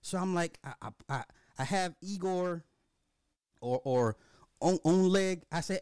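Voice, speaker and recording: A podcast host telling a dark comedic story in a profane, animated, repetitive way. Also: male voice, high voice, a little slow, smooth, no echo, clean studio sound.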